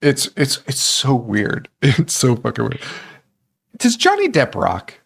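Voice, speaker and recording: A horror movie podcast co-host talks casually and slowly in a mid-range voice with huge pitch swings, vocal fry, a slightly bright tone and a bit of roughness. He swears a lot, laughs often, and acts out film lines in put-on voices.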